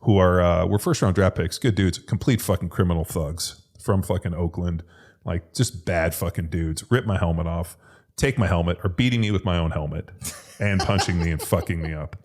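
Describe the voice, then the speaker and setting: A man with a very low voice tells a story in casual podcast chat. He swears constantly and talks in an animated way. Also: normal speed. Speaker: podcast co-host, former NFL lineman.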